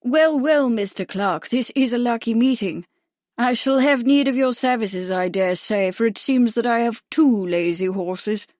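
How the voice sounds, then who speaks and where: A foppish, dim-seeming English aristocrat, as a woman narrator puts him on, lisping in an exaggerated upper-class drawl. He talks fatuously and expansively, raised a little high and bright. Dry, close audiobook sound. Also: normal speed, no room sound, close to an everyday voice. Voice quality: exaggerated posh lisp. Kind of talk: audiobook character voice.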